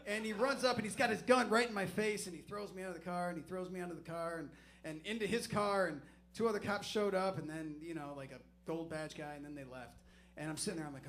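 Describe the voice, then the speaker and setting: A man's voice: high voice, brisk, fairly bright tone, a little hiss or hum. A man doing stand-up comedy on a club stage, telling a profane, rambling, self-deprecating story.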